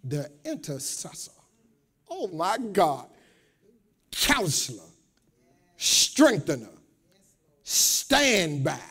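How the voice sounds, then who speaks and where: A man preaches a sermon, speaking straight to his congregation and asking them to answer back. His voice sits high and swings widely in pitch. He repeats words and climbs from quiet asides to shouted peaks. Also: very animated, drawn-out words, long pauses, husky. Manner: call-and-response preaching, rising to shouts. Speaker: pastor. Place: church.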